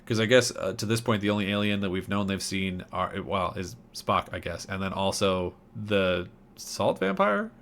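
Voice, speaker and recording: A man's voice: deep voice, animated, normal speed, a bit bright, a little hiss or hum. A man co-hosting a podcast, casually recapping an episode and acting out characters' lines in mocking voices. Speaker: podcast co-host.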